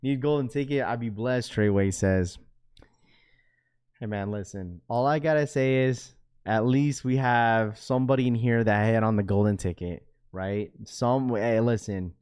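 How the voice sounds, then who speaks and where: A young man at a middle pitch, chatting casually through a live stream. He reads viewer comments aloud and answers them in loose, slangy talk. When he gets worked up, his voice jumps loud and high. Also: a little slow, clear, resonant tone. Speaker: livestream host.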